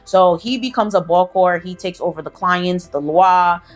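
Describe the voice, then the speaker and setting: A woman's voice: lowish voice, moderate pace, soft background music. A woman hosting a casual spooky storytime, chatty and profane, full of fillers and asides. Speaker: storyteller, channel host.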